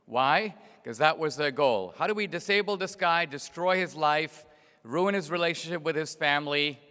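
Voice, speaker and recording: A man's voice: fairly high pitch, moderate pace, sharp tone, clear, resonant tone. Middle-aged man speaking in a reverberant hall. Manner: storytelling, sardonic, rhetorical questions. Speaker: invited speaker. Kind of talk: political speech to an audience. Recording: long reverb of a large hall.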